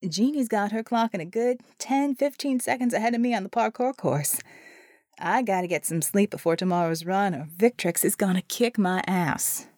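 A woman's voice: mid-range voice, normal speed, darkish tone, no echo, clean studio sound, close to an everyday voice. A woman reading a playful, chatty woman bartender in an audiobook. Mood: casual. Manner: teasing, playful.

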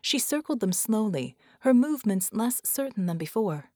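A woman reading an audiobook in a measured, expressive narration. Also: mid-range voice, no echo, studio quality. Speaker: audiobook reader. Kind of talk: scripted narration.

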